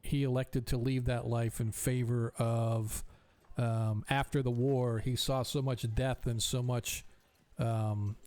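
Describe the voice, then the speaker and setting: A man's voice: medium pitch, level tone, takes it slowly, darkish tone. Man narrating as game master. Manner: rambling, many fillers.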